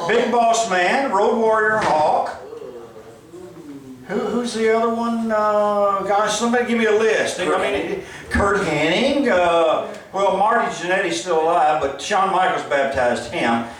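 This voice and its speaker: A high-voiced man with a Southern accent rambles through profane jokes from a stage. He is picked up from a distance in a very echoey hall. A crowd can be heard around him. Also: a little slow, fairly bright tone. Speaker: guest speaker at a fan event. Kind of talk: crude comedic stage talk. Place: event hall stage with audience.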